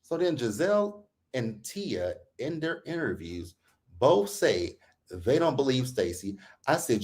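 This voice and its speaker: Male reality TV recap host, AAVE speech, mid-pitched, profane and exasperated, rants hard. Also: measured pace. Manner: profane, animated, exasperated, quotes people in put-on voices. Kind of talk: heated casual recap rant.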